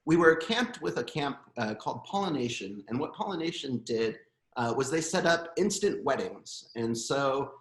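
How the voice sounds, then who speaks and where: A man in his thirties, a guest musician, telling stories in a casual interview, animated and chuckling, with many fillers. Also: mid-range voice, moderate pace. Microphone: video call. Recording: roomy echo.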